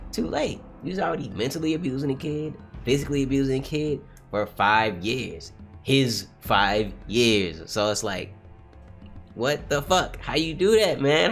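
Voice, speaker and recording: A young man streaming a live read-along reaction, swearing freely and swinging from low mutters to high shouted outbursts. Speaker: streamer reacting to a manga chapter.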